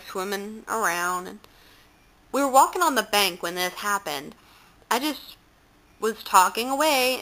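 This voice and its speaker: Teen girl vlogging at home, bright voice, rambles thru giggly stories. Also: medium pitch, poor audio. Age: late teens. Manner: chatty, giggly anecdote telling. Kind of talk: casual chat. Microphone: handheld camera close up.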